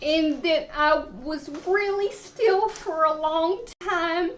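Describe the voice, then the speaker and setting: A woman on a prank phone call, telling her story in a slow, halting, stammering way. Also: very high-pitched, a little hiss or hum. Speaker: prank caller posing as a frail lady.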